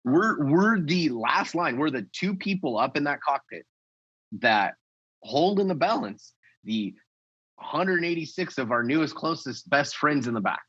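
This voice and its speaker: Husky-voiced male guest pilot. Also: fairly high pitch, animated, a little slow, fairly bright tone, no echo, muffled recording. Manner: emphatic, laughs easily. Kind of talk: casual podcast chat.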